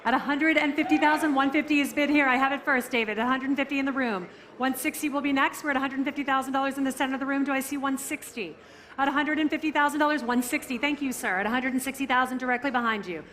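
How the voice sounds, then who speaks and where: Bright high-voiced woman auctioneer. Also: fairly even intonation. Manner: brisk bid calling with teasing banter. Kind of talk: live auction calling. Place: auction room with live bidders.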